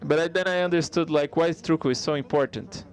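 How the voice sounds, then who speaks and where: Voicing a comedy act as a live interpreter, this slightly high-pitched man sounds conversational, pausing and restarting as he goes.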